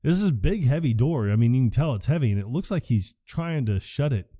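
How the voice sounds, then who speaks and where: A man co-hosting a podcast, casually recapping a movie and acting out its lines in quick impressions. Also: mid-range voice, expressive, dark tone, husky, no room sound, clean studio sound. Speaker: podcast co-host.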